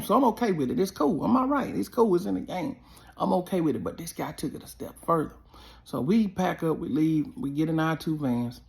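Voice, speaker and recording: Gravelly man telling an animated story. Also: a little high. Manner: animated, emphatic, repeats phrases for effect. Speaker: former college basketball player.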